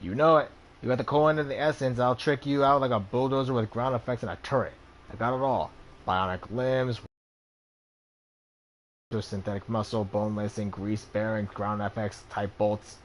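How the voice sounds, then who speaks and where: A man voicing a boisterous, hungover, middle-aged male back-alley cyber doctor in a video game. He talks brashly and jokingly, and he stays loud. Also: medium pitch, fairly even intonation, moderate pace, a little hiss or hum, lightly acted.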